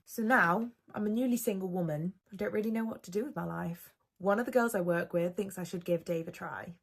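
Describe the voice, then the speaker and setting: A woman's voice: fairly low pitch, fairly quick, gravelly, hardly any pauses. Dramatic woman telling a wild storytime. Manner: dramatic, swings between hushed and loud. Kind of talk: storytime narration.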